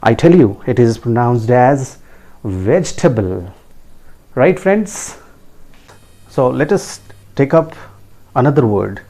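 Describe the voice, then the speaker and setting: A man's voice: mid-range voice, lively intonation, slow pace, long pauses, mellow. A man with an Indian English accent teaching pronunciation, spelling words letter by letter and checking in with rising questions. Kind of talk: pronunciation lesson.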